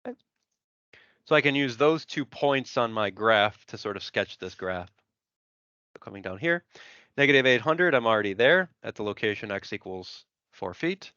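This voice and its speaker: A man's voice: fairly low pitch, expressive, normal speed, sharp tone, clean tone, dry recording, lo-fi sound. A man teaching engineering in a lecture, working step by step through an example and thinking aloud as he sketches. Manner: methodical, thinks aloud while sketching, frequent "right?" and "so". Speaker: engineering instructor.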